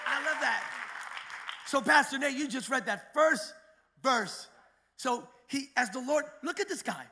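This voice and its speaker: A man preaching a sermon in a church, swinging from quiet storytelling to shouted, fired-up climaxes. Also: extremely high pitch, animated, a little slow, some chatter behind, a little hiss or hum. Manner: preaching with sudden shouted climaxes and acted-out quotes. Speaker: pastor.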